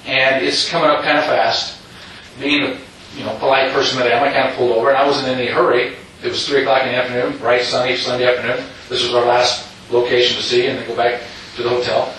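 A man's voice: medium pitch, level tone, fast, fairly bright tone, slight background noise. A middle-aged man telling a personal story to an audience, rambling with many asides and restarts. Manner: rambling, with frequent "you know" asides and restarts. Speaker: speaker telling his story. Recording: echoey hall, distant mic.

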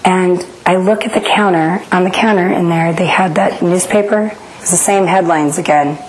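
A woman's voice: fairly low pitch, normal speed, slight background noise, low-quality recording. A middle-aged woman from the United States, giving a personal testimony in an earnest, dramatic storytelling manner. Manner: earnest, dramatic retelling that acts out inner voices.

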